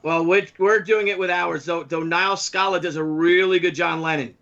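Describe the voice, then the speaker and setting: Over a video call with muffled, low-fidelity audio, a male co-host of a comics podcast gives grand, theatrical introductions. His tone stays steady and a bit bright, at a normal speed.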